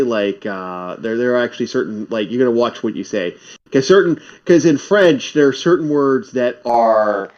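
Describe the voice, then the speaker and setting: This Canadian man has a mid-range, slightly mellow voice and chats casually with lots of animation, repeating words often. The recording sounds a little muffled.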